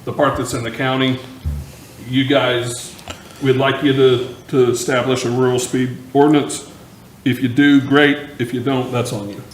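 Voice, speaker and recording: Man, council member, mid pitch, plain talk, roomy echo, faint noise. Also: level tone, moderate pace. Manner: plainspoken, explaining step by step. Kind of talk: council meeting discussion. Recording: echoey council chamber.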